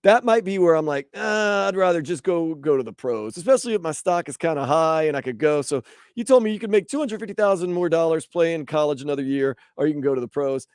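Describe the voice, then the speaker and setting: A man's voice: on the high side, quick pace, smooth, no room sound, studio quality. A man hosting sports talk radio, chatting casually and acting out hypothetical quotes. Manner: animated, acts out quotes in voices.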